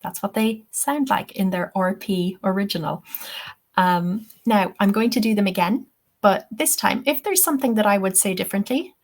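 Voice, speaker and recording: A woman's voice: mid-range voice, moderate pace. A young woman with an Irish accent teaching a webinar lesson, explaining step by step and often checking in with "okay?". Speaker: TEFL teacher.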